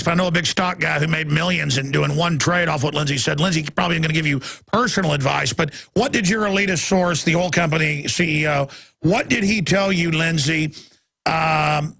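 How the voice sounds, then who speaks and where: A gravelly man with a rough, husky voice hosts a talk radio show. He talks forcefully and rambles, restarting his sentences often. The sound is close and dry. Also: a little high, no echo.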